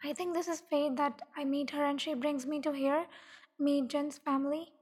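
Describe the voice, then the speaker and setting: A woman's voice: sits high, steady tone, normal speed, a little mellow, natural voice. Earnest young lawyer woman, as a narrator reads her. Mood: pleading. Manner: pleading and polite. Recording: long echoing reverb.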